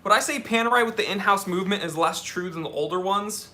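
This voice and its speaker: A man's voice: high-pitched, fast talker, bright, forceful tone. A young man hosting a live-stream watch Q&A, chatty and off the cuff, reading out viewer comments and answering them. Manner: chatty, answers questions off the cuff, talks to his cats. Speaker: watch channel host.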